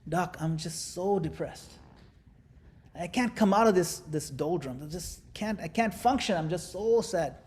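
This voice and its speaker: A gloomy, slumped-over patient, put on by a man who drags out every word in a low, slow moan. He sounds sunk in misery, barely able to get the words out, and the voice sits higher than most men's. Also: animated, darkish tone. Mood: mopey. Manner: slow, mournful, subdued. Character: sad, depressed man slumped at the doctor. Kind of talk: acted anecdote in a talk.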